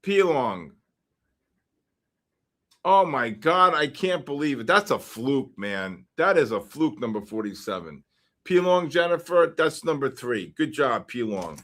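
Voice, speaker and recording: A man hosting a livestream, reading out numbers and usernames for a giveaway and getting excited about each winner. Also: mid-range voice, a little slow. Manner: excitable, shouts when names are drawn. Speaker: livestream host. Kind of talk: live-stream giveaway draw.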